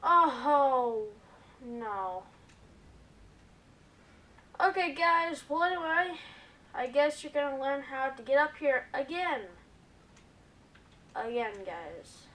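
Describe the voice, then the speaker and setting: A woman hosting a gaming video, giving excitable gameplay commentary and often calling out to her viewers. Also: high voice, slow, long pauses, far from the mic. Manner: excitable, keeps addressing viewers as "guys".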